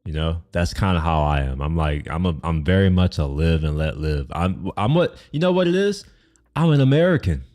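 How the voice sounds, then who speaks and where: A man's voice: extremely low pitch, big pitch swings, normal speed, hardly any pauses, darkish tone. A man from Texas, giving blunt, profane, rambling reaction commentary on clips.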